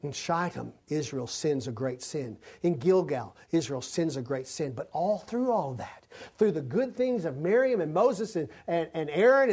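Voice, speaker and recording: A male preacher with a high, darkish, breathy voice teaches an expository sermon. He reads scripture aloud and punctuates it with folksy, conversational asides.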